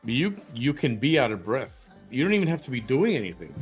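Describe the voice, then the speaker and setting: A man's voice: mid-range voice, big pitch swings, brisk, breathy edge, soft background music. A man hosting an opinion commentary, reacting to clips in a blunt, confrontational way and firing rhetorical questions. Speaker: host.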